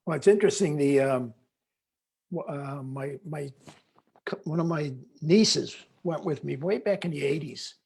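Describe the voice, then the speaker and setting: An older man, a longtime voyage faculty member appearing as a guest speaker on a video call, tells rambling, animated stories about former students, often restarting sentences. His voice is a little high, gravelly, and breathy, with a measured pace, in a conversational storytelling style.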